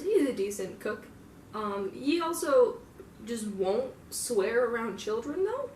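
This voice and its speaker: A young fan roleplayer rambles through a casual in-character monologue, swearing freely and dropping filler words. Her voice is medium-pitched, and she sits away from the mic in an echoey room with a faint ambient hum.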